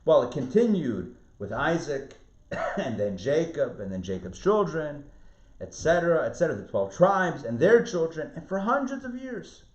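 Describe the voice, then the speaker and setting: Lively rabbi teaching a class online. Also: male voice, fairly high pitch, moderate pace. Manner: lively, repeats words and restarts, asks the class questions. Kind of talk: online Torah class lecture. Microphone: video call. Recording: roomy, muffled video-call audio.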